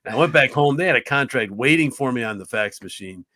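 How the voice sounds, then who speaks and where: A man in his fifties from upstate New York, a hockey play-by-play broadcaster, telling career stories as a podcast guest. He talks in a lively, earnest way, restarts often, and jumps his voice up to act out what others said. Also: medium pitch, fast talker, no echo, clean studio sound. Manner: lively storyteller who acts out other people's lines with his voice jumping up; frequent restarts and "uh"s, chatty and earnest. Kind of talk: conversational storytelling in a podcast interview.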